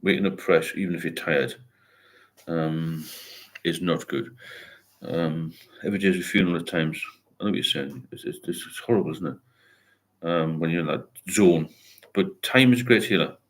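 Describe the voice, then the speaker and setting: Reading aloud from the chat and encouraging his viewers, an older man rambles through a casual sobriety livestream. His voice sits low, at a moderate pace.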